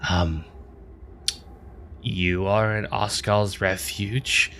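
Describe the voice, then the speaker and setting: A young lizard-folk woman, stern and exasperated, played by a man. She speaks in a dry, matter-of-fact way with a bright edge. It comes from a tabletop game. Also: fairly low pitch, level tone, drawn-out words, a little hiss or hum, exaggerated voice. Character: young female lizard folk, stern big-sister type.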